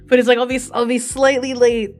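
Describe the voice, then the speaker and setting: Chatty high-voiced woman streamer. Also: little pitch movement, brisk, a little mellow. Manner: chatty, swears freely, laughs often. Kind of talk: casual chat reading out viewer messages. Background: faint background music.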